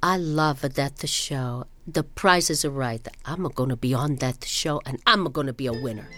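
A woman's voice: very deep voice, normal speed, bright, forceful tone, pitched below the performer's own voice. A woman voicing her devout, starstruck Italian immigrant mother, with a thick Italian accent and an earnest, wistful way of talking. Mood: yearning. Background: music.

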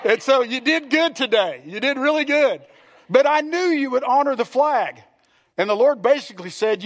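A man's voice: very high voice, lively intonation, moderate pace. A man, a pastor preaching a sermon to his congregation, earnest and repetitive, asking the room questions. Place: church sanctuary.

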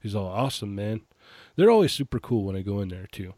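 A man's voice: lowish voice, sing-song, quick pace, warm tone, no echo, studio quality. A man co-hosting a casual podcast, telling stories in a laid-back way with frequent laughs. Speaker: podcast co-host. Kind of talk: casual chat about toy collecting.

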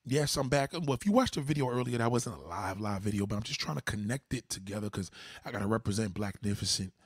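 Husky, animated man talking on a livestream. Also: on the low side, fast, no echo, clean studio sound. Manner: loud, profane, animated storytelling. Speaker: livestream host. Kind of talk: casual livestream chat.

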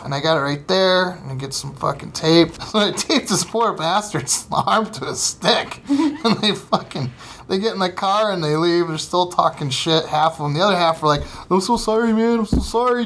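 A man's voice: a little high, moderate pace, vocal fry, slight background noise. A man, a comedian and former service member, telling stories in a casual chat, swearing constantly and acting out the people he quotes. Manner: profane, animated storyteller who acts out quotes. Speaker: comedian and podcast guest. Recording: roomy room, faint ambience.

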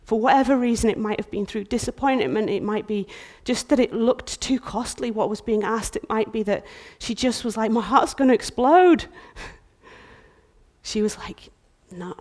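A woman in her thirties preaching a sermon in a church, impassioned, swinging from loud outbursts to hushed whispers. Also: on the high side, fairly even intonation, normal speed.

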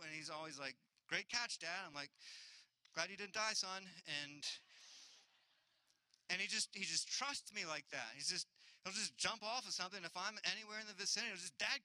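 A man's voice: on the high side, bright, forceful tone, clean tone, no echo, low-quality recording. A man in his thirties preaching a sermon, earnest and building with repetition, sometimes acting out other voices. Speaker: pastor.

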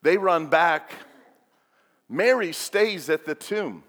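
A man preaching a sermon as pastor, swinging between loud and hushed delivery. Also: a little high, takes it slowly. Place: church sanctuary. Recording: long reverb of a large hall.

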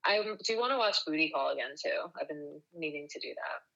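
Co-host, female, lowish voice, chatty and profane. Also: expressive, gravelly, bright, forceful tone, dull audio. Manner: chatty, swears freely, quick bursts. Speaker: podcast co-host. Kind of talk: casual chat.

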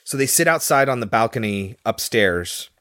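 A man's voice: mid-range voice, animated, moderate pace, a bit bright, no echo, clean studio sound. A man casually retelling a film scene by scene, with loose fillers along the way. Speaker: podcast host recapping a film.

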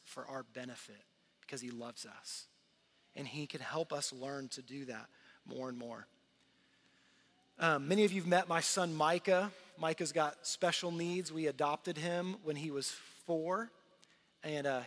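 Pastor, middle-aged man, high voice, earnest conversational sermon, long hall reverb. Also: a bit bright. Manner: earnest, conversational preaching with repeated restarts.

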